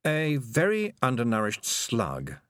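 A man reading aloud, voicing a sardonic male toad with a slow, wry drawl. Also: medium pitch, huge pitch swings, a bit bright, no echo, studio quality, voice pushed up.

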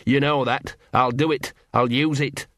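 A man voicing a scruffy, wheezy old male street mongrel who talks in a gruff, streetwise, blustering way. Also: medium pitch, fairly even intonation, a little slow, a bit bright, no echo, natural voice. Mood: defiant.

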